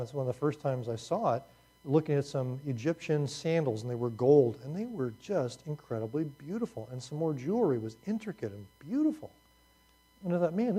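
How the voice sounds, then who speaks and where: A man's voice: on the high side, mellow. A man teaching a class in a conversational lecture, talking casually with asides to his students.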